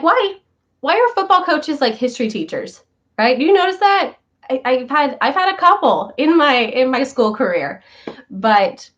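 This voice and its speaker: Chatty high-voiced woman, lo-fi sound. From northern United States. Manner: chatty, animated storytelling with quoted voices. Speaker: show host. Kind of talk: casual chat to viewers. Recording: slightly dull lo-fi sound.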